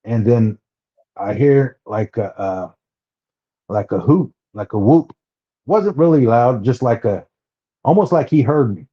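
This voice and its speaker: A man from Oklahoma, a podcast guest, telling a personal story in a halting way, restarting and repeating words. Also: mid-range voice, lively intonation. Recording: dull lo-fi sound.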